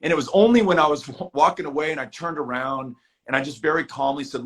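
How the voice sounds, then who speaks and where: A man's voice: a little high, lively intonation, brisk, a bit bright. A man talking as a guest in a casual live video chat, earnest and reflective, often repeating words as he restarts.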